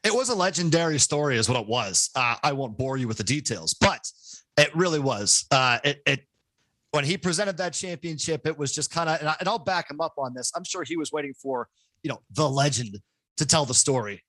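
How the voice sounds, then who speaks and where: Loud, excitable podcast man. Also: a little high, fairly quick, no room sound. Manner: loud, excitable, self-mocking. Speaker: podcast host. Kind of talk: casual podcast chat. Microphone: home podcast microphone.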